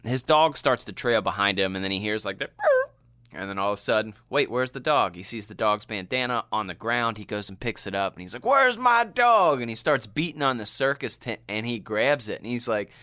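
A man co-hosting a casual movie chat, animated and quick to act out quotes. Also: dry recording, studio quality. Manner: animated, laughing, acts out quotes in a high voice. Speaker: podcast co-host.

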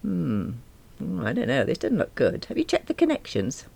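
A man's voice: fairly high pitch, huge pitch swings, moderate pace, gravelly, darkish tone, breathy edge, voice pushed up, exaggerated voice. A woman reader voicing a cheerful, easygoing young male window cleaner in an audiobook.

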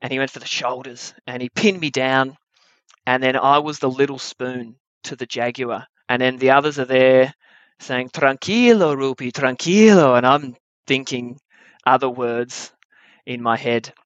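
A man's voice: medium pitch, a little slow, dry recording, highs cut off. Wry young man telling a story. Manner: wry, animated storytelling with comic timing. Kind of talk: live story-slam storytelling.

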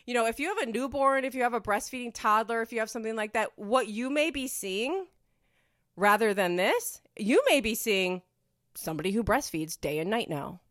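A woman's voice: on the high side, expressive, moderate pace, fairly bright tone, no room sound, clean studio sound. A woman hosting a podcast from home, chatting casually and rambling through a story with lots of fillers. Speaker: podcast host. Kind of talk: casual chat.

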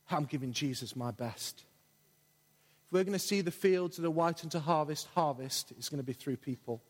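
A man preaches with fervour, his voice husky and a little high for a man. He leans on repetition to drive his points home. A long church hall reverb trails every phrase. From England. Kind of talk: sermon.

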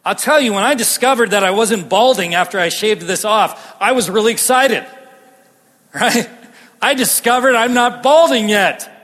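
High-voiced breathless preaching man. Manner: animated, swinging from loud bursts to hushed lines. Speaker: pastor. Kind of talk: sermon. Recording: long hall reverb.

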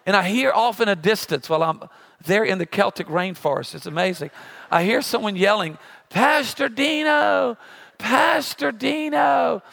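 A man in his forties preaching a sermon, his voice pitched high and bright with a gravelly edge. He tells jokes and acts out noises before turning to his message. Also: brisk. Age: 40s. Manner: humorous storytelling with sound effects. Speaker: pastor.

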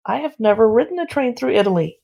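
A woman's voice: on the high side, expressive, fast talker, creaky, highs cut off. A woman from San Diego co-hosting a casual chat, presenting cookbooks in a playful, teasing way. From San Diego, United States. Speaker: co-host reviewing cookbooks.

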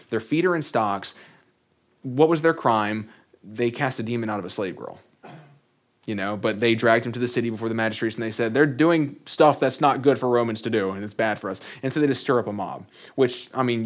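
A man preaching a sermon in a conversational way, reading scripture aloud and adding joking asides. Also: lowish voice. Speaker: pastor.

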